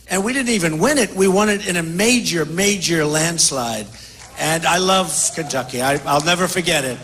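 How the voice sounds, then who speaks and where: A man's voice: high voice, brisk, sharp tone. An older man running for president, answering audience questions in a rambling, repetitive, boastful way at an indoor town hall. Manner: repetitive, boastful, keeps repeating phrases. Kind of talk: off-the-cuff rally speech.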